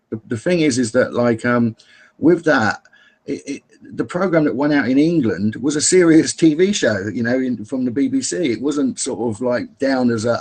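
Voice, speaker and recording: Man, husky, rambling, restarts, casual chat, mid pitch. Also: darkish tone. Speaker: guest on a call show. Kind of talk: casual chat, telling at length.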